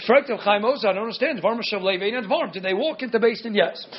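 Male Torah teacher, very high-pitched, rhetorical question-and-answer lecture style, muffled lo-fi sound. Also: lively intonation, fast talker, slightly rough. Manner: mixes Hebrew and Aramaic terms into English. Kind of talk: Talmud lecture.

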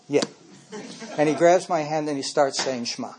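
A man's voice: a little high, normal speed, darkish tone, slight background noise. An older man giving a speech, telling personal stories in an anecdotal way and getting emotional as he speaks.

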